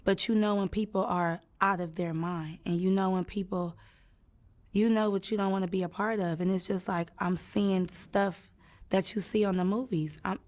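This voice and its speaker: A young woman recounting a night out in a loose, casual way. She is animated, jumping into the voices of the people she quotes and then dropping back to her plain storytelling. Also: medium pitch, moderate pace. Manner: animated, acts out quotes with sudden loud jumps. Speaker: storyteller in a clip.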